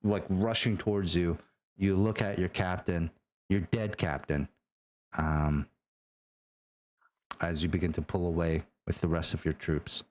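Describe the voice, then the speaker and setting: Slow-talking, low-voiced male game master. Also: steady tone, a little mellow, slight background noise. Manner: unhurried, full of fillers and restarts. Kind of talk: narrating a tabletop game.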